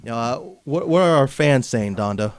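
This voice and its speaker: A man's voice: mid-range voice, expressive, moderate pace, clean tone, no echo. Brash, mocking man hosting a podcast. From Southern California. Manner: brash and mocking, heavy on filler phrases. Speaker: podcast host. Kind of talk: comedic wrestling podcast rant.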